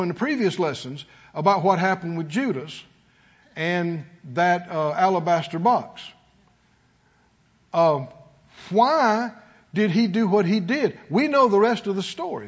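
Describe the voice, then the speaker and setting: A man delivers a sermon in a strikingly high, lively voice, calling out to his congregation for responses. He speaks slowly with a husky edge. The recording sounds dull and lo-fi. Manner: emphatic, call-and-response preaching. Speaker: pastor.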